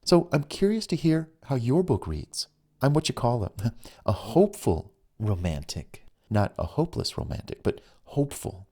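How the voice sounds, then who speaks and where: A man's voice: medium pitch, very animated, normal speed, dark tone, husky, pitched above the performer's own voice. A man voicing a chatty, eager young woman on a phone date in an audiobook. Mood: excited. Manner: bubbly, chatty. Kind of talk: audiobook reading.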